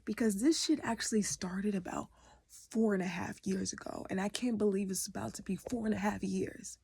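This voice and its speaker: A woman's voice: medium pitch, steady tone, normal speed, creaky, mellow, husky. A woman educator and artist venting in a raw, candid vlog, often dropping to a half-whisper and swearing freely.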